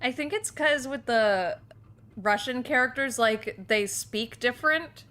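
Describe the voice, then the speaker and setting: A woman's voice: a little high, a little slow, pushed and bright. A woman streamer reading game dialogue aloud in a playful, giggly casual way. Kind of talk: casual game read-along.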